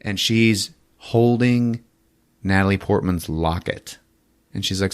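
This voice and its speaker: A man hosting a podcast, recapping a film as a casual, profane, animated storyteller. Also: low-pitched, slow, clear, resonant tone.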